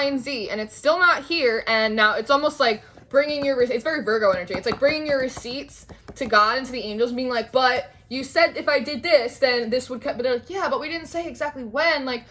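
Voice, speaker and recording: A young woman talks her way through a tarot reading in a loose, rambling way, leaning on "like" and circling back on her words. Her voice sits a little high and sounds bright and forward. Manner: chatty, meandering, heavy use of "like". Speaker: tarot reader. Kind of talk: spiritual tarot reading monologue.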